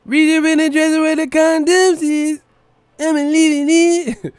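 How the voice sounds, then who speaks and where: A man crooning as a smug falsetto seducer. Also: flat delivery, measured pace, no echo, studio quality. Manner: high falsetto sung crooning.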